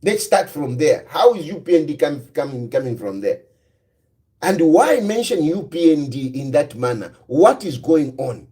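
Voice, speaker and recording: Animated high-voiced Zambian man. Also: normal speed. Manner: repeats rhetorical questions, switches into Bemba. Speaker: political commentator. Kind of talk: solo political commentary.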